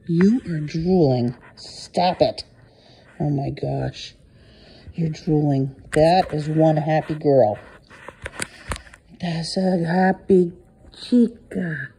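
A woman pet sitter chats gently with a cat at home, her voice mellow and dark. She coos and half-whispers, mixing in Spanish endearments, close to a phone camera. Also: on the low side, a little hiss or hum, low-quality recording. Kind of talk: affectionate talk to a cat.

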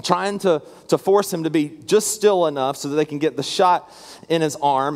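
Earnest pastor in a reverberant hall. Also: male voice, on the high side, steady tone, normal speed. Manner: earnest and conversational, with frequent restarts. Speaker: guest pastor. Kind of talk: storytelling sermon. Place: church sanctuary. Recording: long reverb from a large hall.

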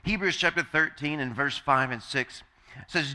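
A male pastor delivers a sermon in a fairly high, sharp and forceful voice. He hammers home key phrases by repeating them and throws questions out to the congregation for them to answer. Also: big pitch swings, a little slow. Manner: addresses congregation directly with call-and-response questions.

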